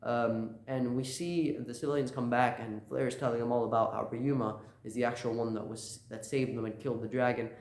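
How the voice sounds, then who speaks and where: A man's voice: medium pitch, steady tone, brisk, hardly any pauses, a little mellow. Rambling casual male recapper. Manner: loose, rambling, lots of fillers and laughs. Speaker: channel host. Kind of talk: casual manga chapter recap. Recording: roomy echo.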